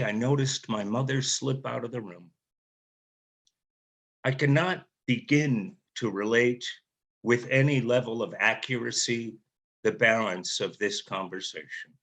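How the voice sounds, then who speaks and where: A man's voice: medium pitch, a bit bright. Man reading his memoir aloud. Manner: measured, reflective storytelling. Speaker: author.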